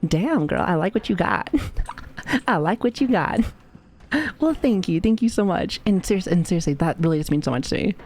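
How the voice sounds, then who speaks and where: A woman's voice: on the low side, animated, a little fast, a little mellow, slight background noise. Foul-mouthed laughing woman streamer. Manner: profane, joking, laughs often. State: recovering from illness. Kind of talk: casual live-stream chat.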